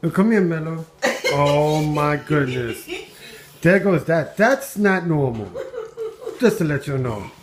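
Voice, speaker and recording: A man's voice: on the high side, animated, slow, pauses often, crowd noise. A man at home, filming his dog on a handheld camera and giving amused running commentary with frequent exclamations and chuckles. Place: at home indoors.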